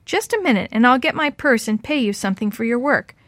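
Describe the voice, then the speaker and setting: A lonely old woman speaks in a gentle, unhurried voice, as a woman reading the story puts her on. The sound is close and dry, with no room around it. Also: a little high, expressive, no echo. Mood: kindly. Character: lonely elderly woman, kind and wistful. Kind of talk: audiobook character reading.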